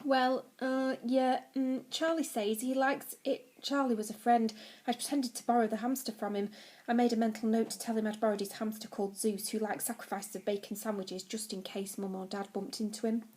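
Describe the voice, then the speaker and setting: A woman teacher reading a children's novel aloud to her class, telling it in a lively way. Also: medium pitch, fast.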